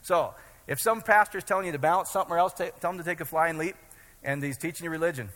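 A man's voice: fairly high pitch, fast, a bit bright. A middle-aged man from Iowa preaching a casual, joking sermon, often asking his congregation if they follow him. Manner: joking, chatty, keeps checking in with the audience. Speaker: pastor. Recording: long hall reverb.

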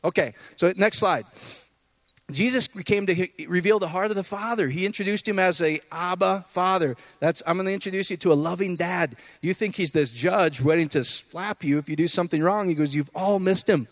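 Animated, chatty male preacher, dry sound. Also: moderate pace, dry recording. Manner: conversational and animated, swinging between loud high bursts and low quiet asides; asks the audience questions often. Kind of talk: casual sermon.

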